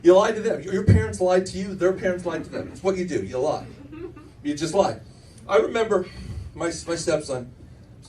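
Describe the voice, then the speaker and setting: Middle-aged guy doing stand-up, high voice that jumps all over, heard from a bit far off in a club. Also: slight background noise. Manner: animated storytelling with many restarts. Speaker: stand-up comedian. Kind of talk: stand-up comedy set. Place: comedy club stage. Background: audience laughter.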